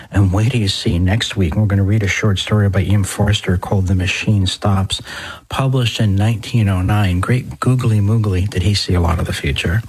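Husky-voiced middle-aged priest. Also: male voice, lowish voice, poor audio. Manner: conversational and digressive, with folksy exclamations. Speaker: Catholic priest and show host. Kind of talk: podcast talk.

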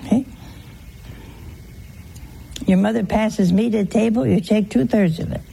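Woman, sermon, gravelly, slow-paced, folksy, teasing rhetorical questions. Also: mid-range voice, warm tone, slight background noise. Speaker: religious teacher. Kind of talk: conversational sermon.

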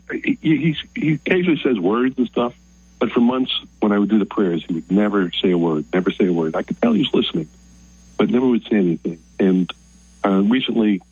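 An older man from Maryland, calling in to a radio show and telling a story in an earnest, emotional, halting way. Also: low voice, a little mellow, husky, no echo. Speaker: caller. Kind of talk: phoned-in call to a radio show. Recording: dull lo-fi phone line.

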